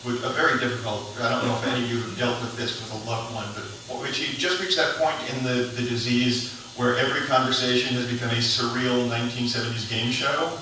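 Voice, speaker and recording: A man's voice: medium pitch, fairly even intonation, brisk. Male stand-up storyteller, understated delivery; echoey club, distant mic, audible noise. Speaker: stand-up comedian. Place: comedy club stage, live audience.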